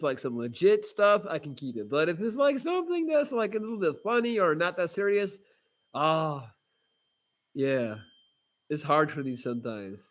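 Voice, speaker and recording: A man hosting a casual livestream, chatting with viewers in a rambling, blunt way with lots of fillers and restarts. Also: a little high. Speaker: livestream host reading viewer comments.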